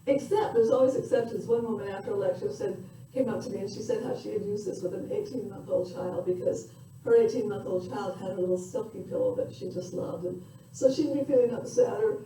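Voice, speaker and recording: An older woman giving a parenting lecture in a reflective, conversational way, pausing with fillers. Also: mid-range voice, dark tone. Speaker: parenting educator. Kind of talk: recorded lecture. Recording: echoey room from far off with faint noise.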